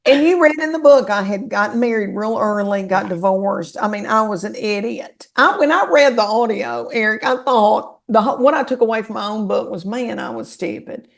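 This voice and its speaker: A middle-aged woman with a Southern American accent, a comedian telling animated, folksy stories as a podcast guest. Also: on the high side, moderate pace, gravelly, hardly any pauses. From Southern US, Tennessee. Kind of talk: casual storytelling chat.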